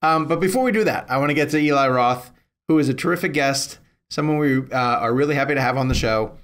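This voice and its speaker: A man's voice: medium pitch, quick pace, fairly bright tone. A man hosting a film podcast, introducing the guest in an upbeat, eager way. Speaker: podcast host. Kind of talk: casual podcast chat.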